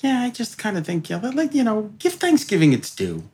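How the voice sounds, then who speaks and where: A man's voice: sits high, huge pitch swings, brisk, darkish tone. A man from New York co-hosting a podcast, trading dry, sarcastic jokes in casual chat. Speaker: podcast co-host.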